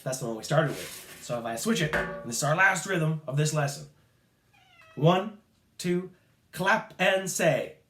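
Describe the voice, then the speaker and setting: A man's voice: on the high side, expressive, a little fast, fairly bright tone, a little hiss or hum. A man teaching a children's music lesson, upbeat and counting off rhythms for the class to chant along. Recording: echoey room.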